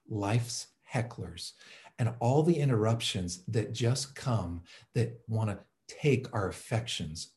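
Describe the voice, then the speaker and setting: A man preaching a sermon, telling a story with animated delivery and frequent fillers. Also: on the low side. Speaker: pastor.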